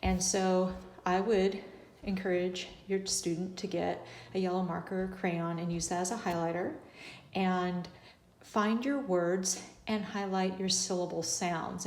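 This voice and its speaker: A woman's voice: on the low side, fairly even intonation, darkish tone, slight background noise. A woman first grade teacher explaining to parents, step by step, how to break words into syllables. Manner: patient, slow, modeling each step aloud. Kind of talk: instructional tutorial for parents.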